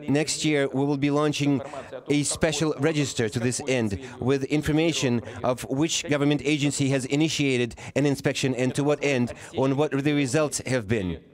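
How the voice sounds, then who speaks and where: Man, simultaneous interpreter, formal speech, halting, self-correcting, mid-pitched voice. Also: steady tone.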